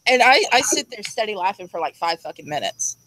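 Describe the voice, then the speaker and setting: A woman's voice: mid-range voice, sing-song, fairly quick, fairly bright tone, no room sound, low-quality recording. Blunt woman telling a crude story. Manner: blunt, crude and laughing, acting out quoted speech. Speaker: storyteller guest. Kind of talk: casual storytelling to a group.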